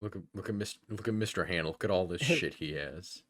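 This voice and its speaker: Low-voiced man swearing and giggling on stream. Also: a little fast, a bit bright. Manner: profane, giggly, rambling. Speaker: VTuber streamer host. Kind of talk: casual stream chat.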